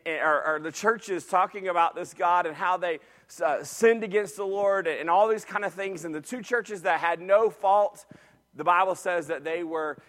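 A male pastor preaching a sermon, building in intensity and sometimes shouting to the congregation. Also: a little high. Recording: long hall reverb.

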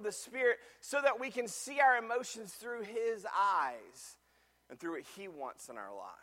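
A middle-aged man, preaching a sermon and telling a personal story, animated and full of restarts. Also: sits high, measured pace. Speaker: pastor.

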